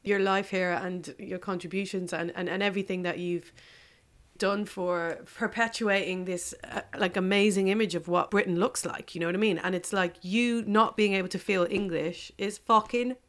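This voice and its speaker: A woman's voice: mid-range voice, steady tone, normal speed. A woman hosting a podcast interview, emphatic and affirming as she talks with her guest. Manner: warm, emphatic, affirming listener. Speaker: podcast host. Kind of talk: conversational interview.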